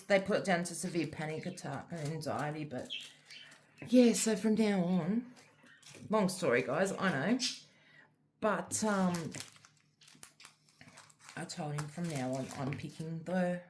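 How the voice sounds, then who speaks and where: Australian woman, middle-aged, low voice, rambling casual chat, faint background noise. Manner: rambling storytelling with many fillers. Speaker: diamond art vlogger. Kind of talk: casual chat while crafting.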